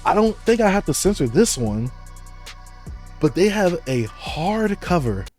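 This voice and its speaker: A young man unboxing manga in an excited, playful casual vlog, exclaiming and joking. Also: sits high, unhurried, soft background music. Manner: hyped, playful, exclamatory with laughs.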